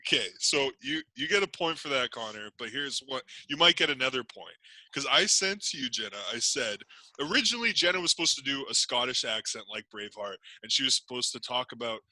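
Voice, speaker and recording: A man's voice: medium pitch, lively intonation, a little fast, bright, forceful tone, no echo, poor audio. A man hosting a comedy game show, laughing often and stumbling over his words in casual banter. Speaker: podcast host running a party game.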